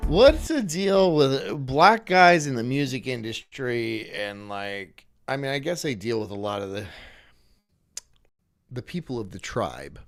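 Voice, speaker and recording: A man's voice: medium pitch, lively intonation, unhurried, soft background music. A man streaming casually, reading chat and rambling through crude jokes that he often laughs at himself.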